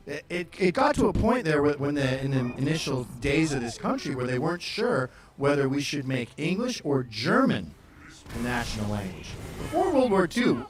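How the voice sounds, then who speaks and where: A man hosting a casual comedic chat, reacting to maps with profane wisecracks. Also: fairly high pitch. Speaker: host.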